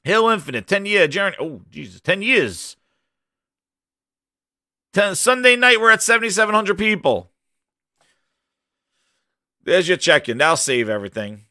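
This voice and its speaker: A man rants about a show, his high voice swinging all over the place. He mocks it with squeaky, shouted questions, and his bright tone sits dry and close to the mic. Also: moderate pace, long pauses, dry recording. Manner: animated, mocking, shouts high-pitched "who this?". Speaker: gaming channel host. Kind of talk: ranting show reaction.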